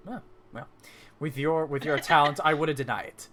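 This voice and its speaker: A man voicing a cheery, teasing female drow barkeeper in a tabletop game, with loud, bubbly greetings. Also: a little high, steady tone, moderate pace, slight background noise, lightly acted. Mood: friendly.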